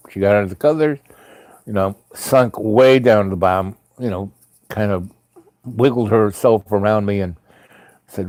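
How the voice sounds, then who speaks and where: A man's voice: on the low side, normal speed, long pauses, darkish tone, dry recording. A man telling a rambling personal anecdote in a chatty way, full of asides. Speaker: storyteller. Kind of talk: casual spoken anecdote.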